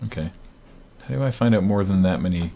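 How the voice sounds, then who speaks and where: Guy with a lowish voice rambling on a stream aftershow, lots of ums. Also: animated, vocal fry, dark tone, a little hiss or hum. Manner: rambling, halting with fillers. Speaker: stream host. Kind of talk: casual chat.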